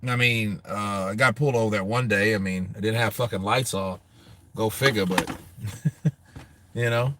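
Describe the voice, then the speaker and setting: A man's voice: fairly low pitch, fairly even intonation, normal speed, long pauses, noisy background. A man hosting a boxing show, chatting casually and telling loose, profane stories with frequent laughs. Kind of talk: casual live-stream chat.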